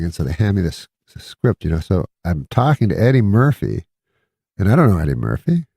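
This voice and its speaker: Male comedian guest, very low and gravelly, rambling anecdotes, dry close sound. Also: sing-song, fairly quick, mellow, no room sound. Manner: rambling anecdotes with many fillers and acted-out quotes. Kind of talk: casual talk-show storytelling.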